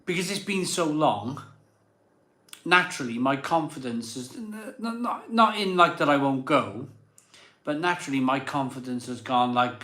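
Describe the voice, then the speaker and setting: Slightly drunk, a man hosts a live beer show, rambling through casual chat full of self-doubt, fillers, and restarts. His mid-range voice comes out pushed and bright at a normal speed, with a reverberant sound.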